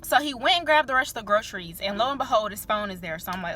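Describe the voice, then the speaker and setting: A woman's voice: mid-range voice, animated, fast, sharp tone. A young woman vlogger telling a candid personal story in a chatty, filler-heavy way, swearing freely.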